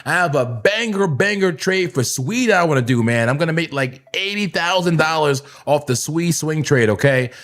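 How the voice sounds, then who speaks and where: A young man runs a live trading stream with loose, slangy banter. His voice sits a little high, and he often breaks into laughter or sudden shouts while talking to his chat. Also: expressive, normal speed, hardly any pauses. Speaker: crypto trading livestream host. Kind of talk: hyped live trading commentary.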